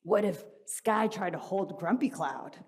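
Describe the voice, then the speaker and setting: A woman's voice: mid-range voice, unhurried, slightly rough. A woman giving an inspirational talk at a church gathering, telling a personal story in a conversational way and often asking the audience questions. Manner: animated and playful, acts out a dialogue with her child. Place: stage in a church hall before an audience.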